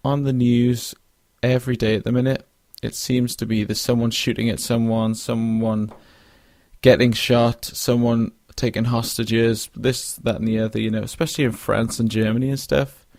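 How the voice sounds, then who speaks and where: A man's voice: medium pitch, level tone, normal speed, darkish tone, dry recording, studio quality. A young man hosting a casual solo podcast, rambling with lots of fillers and restarts and yawning now and then. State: yawning, drowsy. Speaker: podcast host.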